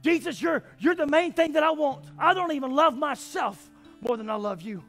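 High-pitched shouting preacher man. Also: animated, moderate pace, faint music behind. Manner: preaching, often shouting and then dropping quiet. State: out of breath. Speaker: pastor. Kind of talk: sermon.

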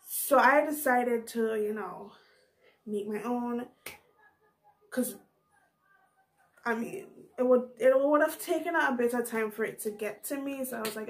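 A woman's voice: a little high, normal speed. A woman doing a casual, chatty voiceover for a beauty vlog in her groggy morning voice, full of playful slang. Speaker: beauty vlogger.

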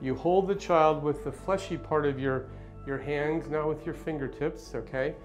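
Middle-aged male pediatrician, calm instructional demo, slightly high voice, faint background music. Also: normal speed. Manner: gentle, reassuring, plain explaining. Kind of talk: demonstration with instructions to parents.

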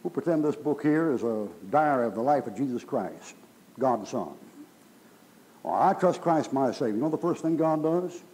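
A man's voice: medium pitch, lively intonation, normal speed, darkish tone, poor audio. A middle-aged man preaching a sermon in a folksy, emphatic way, his voice rising in bursts. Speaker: pastor.

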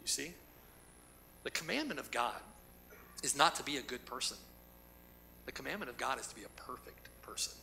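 A man's voice: medium pitch, expressive, normal speed, gravelly, long pauses, pushed and bright, slight background noise, low-quality recording. A man preaching a sermon as pastor, emphatic, with rhetorical questions and repeated lines.

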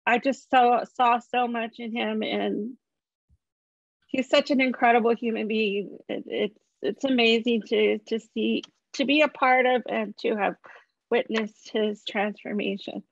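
Gravelly-voiced woman on a dull call line. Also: on the high side, steady tone, unhurried, dry recording. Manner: warm, grateful, heartfelt. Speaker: online community founder, guest. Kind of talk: panel conversation.

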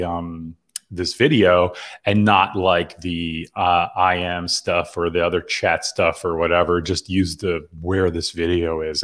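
A man's voice: deep voice, a bit bright. A middle-aged man hosting a live video call, chatty and rambling with lots of fillers and restarts. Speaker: host. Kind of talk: casual livestream hosting.

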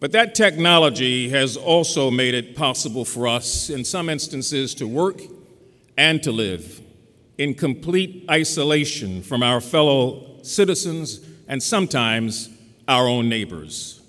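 A man delivers a ceremonial keynote speech into a podium microphone, his phrases formal and built with a speaker's cadence. His voice sits at an ordinary male pitch. A long reverb from the ceremony venue trails behind each phrase. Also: expressive, measured pace, fairly bright tone. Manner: formal, oratorical, with rhetorical cadence. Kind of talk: commencement address.

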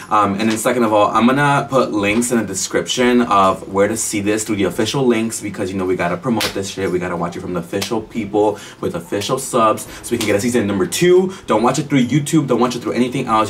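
A man chatting casually to camera as a reaction vlogger, excitable and swearing freely. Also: on the low side, fast talker, hardly any pauses, distant mic, slight background noise. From United States.

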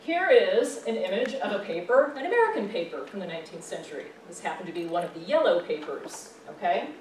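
A woman's voice: fairly low pitch, animated, a little fast, a little mellow. A woman professor giving a public lecture, conversational, often checking in with the audience. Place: library meeting room. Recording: roomy echo, voice from far off, faint background noise.

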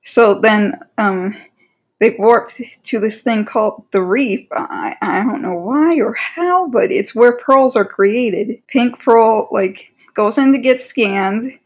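Woman, fairly high voice, casual commentary, rambling, exasperated, many fillers. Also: slow pace, a little mellow. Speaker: commentary creator.

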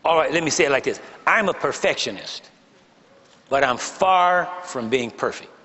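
A man's voice: a little high, lively intonation, moderate pace, bright, forceful tone, lo-fi sound. Guy preaching a sermon, cracks jokes at the crowd, punches key words, big echoey church hall. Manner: joking, teasing the congregation between emphatic points; stresses key words and repeats phrases. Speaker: pastor. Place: church sanctuary before a congregation.

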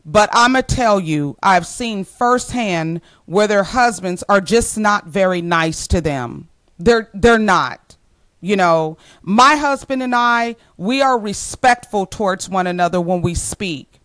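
Slow, emphatic woman in her forties. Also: medium pitch, lively intonation, a bit bright, no echo, low-quality recording. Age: 40s. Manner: emphatic, repeats key phrases for stress; addresses listeners as ladies, earnest and plainspoken. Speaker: motivational speaker. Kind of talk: direct-to-camera motivational talk.

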